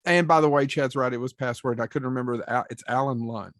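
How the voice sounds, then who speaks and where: A man's voice: mid-range voice, quick pace, no echo, clean studio sound. A man co-hosting a podcast, chiming in with corrections in casual chat. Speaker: podcast co-host.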